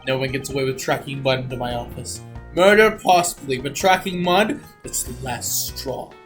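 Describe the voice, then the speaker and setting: A man reading game dialogue aloud in his own voice, playing a prim, fussy adult male prosecutor with a measured, haughty manner. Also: mid-range voice, a bit bright, faint music behind, voice pushed down, lightly acted.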